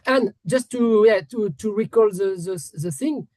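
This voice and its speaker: A Frenchman with a French accent interviews a musician in English, his second language, hesitating often, restarting his sentences and apologizing politely. His voice is high and darkish in tone, unhurried, with no room sound.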